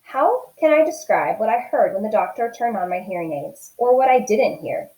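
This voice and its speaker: A woman's voice: on the high side, normal speed, echoey room, rough recording. Woman teacher reading a novel aloud. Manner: expressive, steady storytelling.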